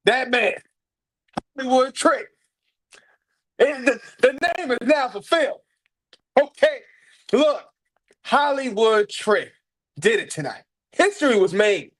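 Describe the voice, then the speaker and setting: Hyped high-voiced man reviewing wrestling. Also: a bit bright. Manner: hyped, sing-song, repeats phrases for emphasis. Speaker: podcast co-host. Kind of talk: casual wrestling review chat.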